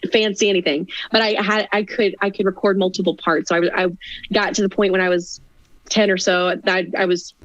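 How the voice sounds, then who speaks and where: A woman's voice: mid-range voice, little pitch movement, brisk, dry recording, dull audio. A young woman in her twenties chatting as a podcast guest, laughing often and making self-deprecating asides. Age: 20s. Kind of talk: casual chat.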